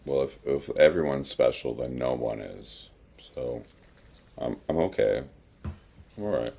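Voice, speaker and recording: Man, podcast co-host, very deep voice, gravelly, calm halting replies. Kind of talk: casual chat.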